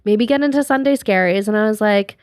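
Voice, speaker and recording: A woman who is a mother co-hosting a podcast in casual chat, reflective and relaxed. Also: medium pitch, brisk, smooth, no echo, studio quality.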